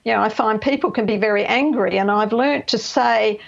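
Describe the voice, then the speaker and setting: A woman's voice: fairly high pitch, brisk, gravelly. A middle-aged woman counsellor explaining boundary-setting as a radio guest, emphatic and checking in with "right?" and "you know". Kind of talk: radio interview. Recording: slightly dull lo-fi radio audio.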